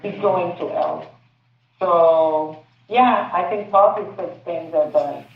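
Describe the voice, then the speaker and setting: A hesitant woman filmmaker gives a panel answer, pausing often to find her words. She speaks slowly, and her voice comes from far off in an echoey room. The sound is thin and phone-like. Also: fairly low pitch. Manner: hesitant, searching for words, many fillers. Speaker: filmmaker answering audience questions.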